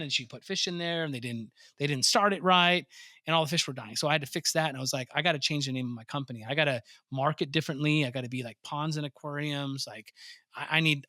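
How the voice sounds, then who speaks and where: Bright, animated storytelling man. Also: a little high, no echo, clean studio sound. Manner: animated storyteller, swears freely, acts out his own reactions. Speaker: podcast guest, pond business owner. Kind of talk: casual interview storytelling.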